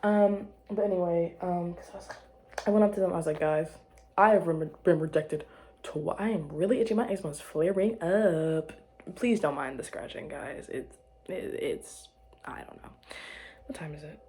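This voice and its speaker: A woman's voice: fairly low pitch, moderate pace, warm tone. Rambling, giggly young woman vlogging. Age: young adult. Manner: rambling, self-interrupting, giggly, drops to murmurs. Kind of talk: casual chat to camera.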